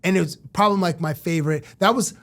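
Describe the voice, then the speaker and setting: A middle-aged man from Canada, a sports TV personality, telling lively stories as a guest in a casual interview and acting out what people said. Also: high voice, quick pace. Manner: animated storyteller who acts out quotes.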